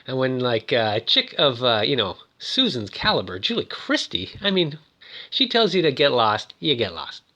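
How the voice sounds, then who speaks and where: Chatty man with a lively voice. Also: mid-range voice, normal speed. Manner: rambling, chatty, jokey. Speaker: film recap host. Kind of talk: casual film recap.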